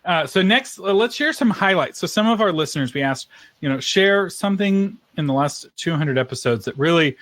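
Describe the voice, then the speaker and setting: A man's voice: fairly high pitch, expressive, a little fast, fairly bright tone, dry recording. A man co-hosting a live podcast episode, chatting casually and laughing often. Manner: chatty, laughs often, eats ice cream on air. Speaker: podcast co-host.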